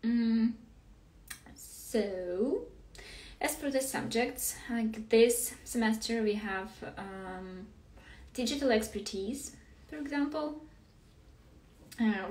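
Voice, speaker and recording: A woman's voice: medium pitch, darkish tone. A young woman, a native Russian speaker, chatting casually on a live stream, hesitant, with many fillers and frequent laughs. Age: young adult. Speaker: master's student. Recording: roomy room, mic at a distance.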